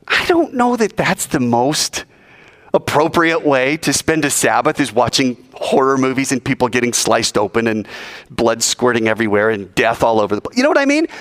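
A man's voice: mid-range voice, a bit bright. A man giving a joking sermon to students and acting out quoted voices as he goes. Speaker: youth speaker.

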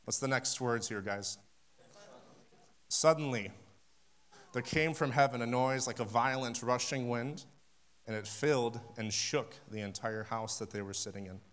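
A male preacher delivering a camp-meeting sermon in a steady mid-range voice. He tells stories with passion and acts out conversations. His delivery swells to sudden emphatic peaks. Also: medium pitch, moderate pace. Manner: storytelling, acting out phone conversations. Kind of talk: sermon with personal story.

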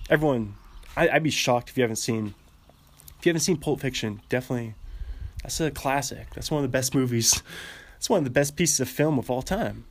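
A young man talks in a casual podcast monologue at a middle pitch. He rambles from thought to thought, laughs often, and keeps restarting his sentences. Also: a little fast.

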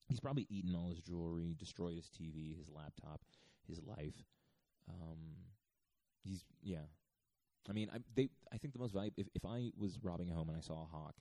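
A man hosting a podcast, talking in a hushed, half-whispered ramble full of swearing and chuckles. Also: low-pitched, dry recording. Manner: profane, digressive, chuckling. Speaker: podcast host. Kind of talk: rambling comic monologue. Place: renovated church getaway, indoors.

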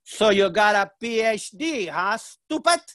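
A woman's voice: a little high, lively intonation, a little slow, no room sound, clean studio sound, voice pushed up. A man putting on the voice of his elderly mother, who speaks Spanish as her first language and is blunt and teasing.

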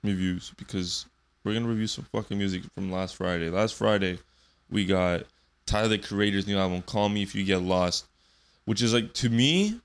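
A man's voice: low-pitched, gravelly. A man in his twenties hosting a solo podcast, rambling loosely and swearing often. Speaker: podcast host.

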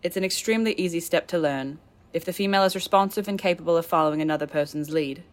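A woman's voice: lowish voice, natural voice. A woman reading as a sneering cold young man. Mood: condescending. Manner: slow, clipped, contemptuous delivery.

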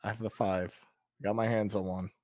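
A guest chatting casually on a podcast, agreeable and quick to laugh. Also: low-pitched, little pitch movement, a little mellow, dry recording, studio quality. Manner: agreeable, laughs easily, many short replies. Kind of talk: casual chat.

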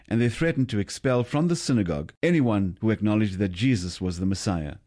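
A man's voice: on the low side, warm tone. A man giving scripted gospel teaching, earnest and putting questions to the listener. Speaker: radio preacher.

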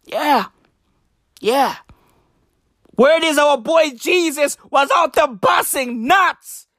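A woman doing a profane, rambling stand-up monologue, now and then bursting into shouts. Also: high-pitched, slow, dry recording, clean studio sound. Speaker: comedian.

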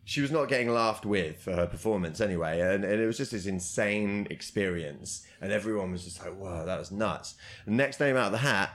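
A man's voice: on the low side, lively intonation, a little fast, few pauses, fairly bright tone. A young man, a comedian guest, telling rambling, self-deprecating stories in casual chat and laughing as he talks. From Britain. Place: karaoke box.

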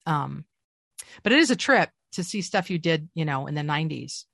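Middle-aged voice actress guest, low-ish, very expressive storyteller, dry close mic. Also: female voice, moderate pace, vocal fry, no room sound. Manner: animated storyteller with lively swings in pitch. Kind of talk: casual interview chat.

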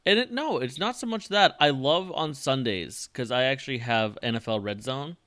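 A man's voice: medium pitch, expressive, moderate pace, a bit bright, dry recording, clean studio sound. A man hosting a podcast, chatting casually about sports in a laid-back, teasing way. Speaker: podcast host.

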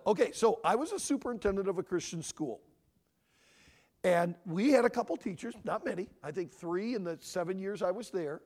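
A middle-aged man speaking at a family conference in a preaching style. He is emotional and swings between loud emphasis and hushed, near-whispered lines. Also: high voice, lively intonation, moderate pace, in a large hall.

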